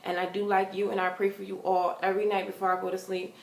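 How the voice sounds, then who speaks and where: A young woman vlogging casual advice to her viewers, earnest and big-sisterly, getting animated when she tells stories. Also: medium pitch, fast, vocal fry. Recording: echoey room.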